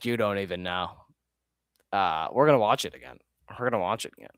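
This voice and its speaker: A man's voice: lowish voice, fairly quick, a bit bright, no room sound, studio quality. A man chatting casually on a live stream while ranking his own videos, rambling, easily sidetracked and swearing often.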